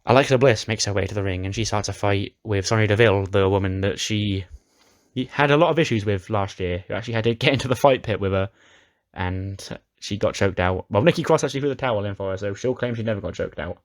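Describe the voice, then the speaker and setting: A man's voice: on the low side, quick pace. A man casually recapping a wrestling simulation game, chatty and often restarting his sentences. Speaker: game commentator.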